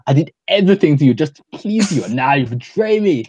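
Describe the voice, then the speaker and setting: A man putting on the voice of a melodramatic man shouting accusations, strained and high. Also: big pitch swings, fast, husky, no echo. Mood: anguished.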